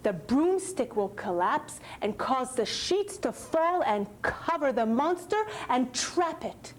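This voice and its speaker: Woman doing a kind storybook dad, slow and soothing. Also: high voice, heavily acted. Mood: reassuring. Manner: calm, soothing. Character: kind, reassuring father of a boy.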